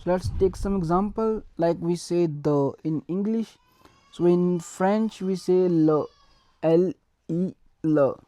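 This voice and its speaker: A woman's voice: fairly low pitch, mellow, no room sound. A woman teaching a beginner language lesson, repeating each word and spelling it out letter by letter. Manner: slow, repeats words and spells them letter by letter.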